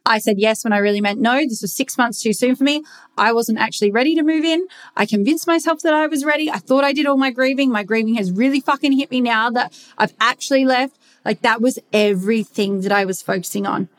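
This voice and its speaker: A woman's voice: on the high side, a little fast. A young woman talking bluntly in a casual confessional monologue, swearing freely as she rants.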